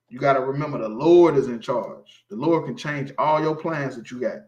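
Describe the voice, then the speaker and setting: A man's voice: mid-range voice, moderate pace, a little mellow. Emphatic preaching man, echoey room. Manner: emphatic, preachy, keeps asking "you feel me". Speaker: street preacher teaching scripture. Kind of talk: informal sermon.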